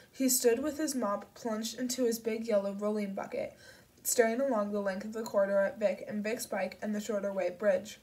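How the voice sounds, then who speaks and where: A woman narrating an audiobook in a steady, measured storytelling manner. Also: mid-range voice, far from the mic, poor audio. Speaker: audiobook reader.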